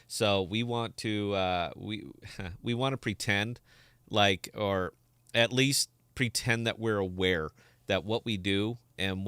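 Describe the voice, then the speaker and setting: Podcast host, man in his 40s, rambles and self-mocks, bright forceful tone, smooth clean voice. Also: fairly low pitch, no echo. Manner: rambling, joking and self-mocking. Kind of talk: casual livestream chat.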